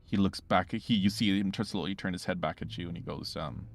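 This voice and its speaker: Narrating a tabletop game as game master, a man with a deep, gravelly voice lays out the scene dramatically. He often pauses to hunt for the right words.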